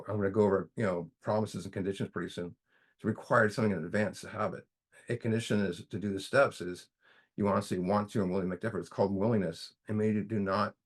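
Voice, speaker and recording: A man's voice: fairly low pitch, steady tone, fast. A man leading a recovery study group in a casual teaching manner, folksy, often repeating himself and saying "you know".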